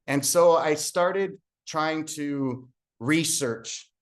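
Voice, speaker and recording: A man's voice: fairly high pitch, drawn-out words. Earnest man telling a personal story. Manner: earnest storyteller who acts out the dialogue. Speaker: guest speaker. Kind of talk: personal story in a motivational talk.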